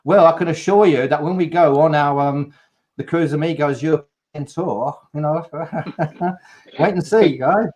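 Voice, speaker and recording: A man with a fairly high, slightly mellow voice speaks a little slowly as the upbeat host of a live cruise chat. In this casual live-stream chat, he reads out viewer comments.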